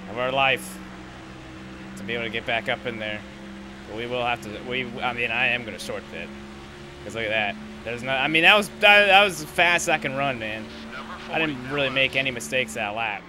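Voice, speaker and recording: A young man giving profane, running commentary while playing a racing game, shifting between low muttering and yelling rants. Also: background noise. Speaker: gaming YouTuber.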